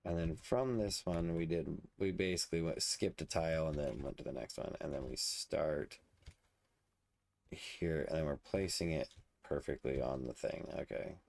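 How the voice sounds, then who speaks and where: A man's voice: a bass voice, moderate pace, creaky, a little mellow. A man casually commenting on his gameplay, muttering and thinking aloud as he builds. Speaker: let's play host.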